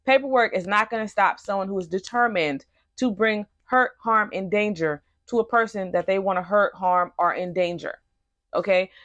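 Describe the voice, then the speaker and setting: A woman's voice: mid-range voice, moderate pace, fairly bright tone, no echo, lo-fi sound. A young woman telling a personal story in a storytime vlog, earnest and emphatic. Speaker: vlogger.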